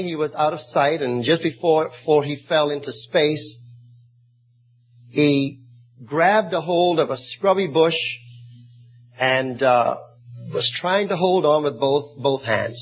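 A male preacher delivers a sermon, reading scripture with an old-fashioned cadence. His voice sits fairly high and sounds husky. The recording is dull and lo-fi. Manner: reads scripture in archaic cadence, then tells stories. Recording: muffled lo-fi recording.

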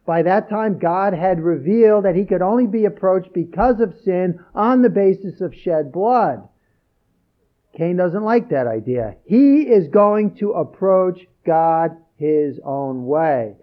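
A man's voice: sits high, lively intonation, takes it slowly, highs cut off. A man preaching a sermon, reading scripture aloud and repeating key phrases with earnest emphasis.

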